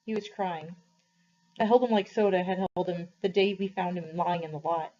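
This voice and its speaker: Woman teacher, novel read-aloud for students, measured and expressive, dull lo-fi sound. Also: fairly low pitch. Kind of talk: reading a novel aloud to a class. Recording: slightly muffled, dull recording.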